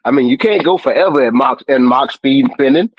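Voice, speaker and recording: A man's voice: medium pitch, fairly quick, dull audio. A man joining a casual tech talk show, blunt and teasing, happy to set the host straight.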